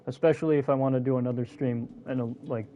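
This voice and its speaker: A man hosting a casual live gameplay stream, chatty and excitable, talking to his viewers. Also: medium pitch, quick pace, highs cut off. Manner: chatty and excitable, talks to chat. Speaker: gaming streamer.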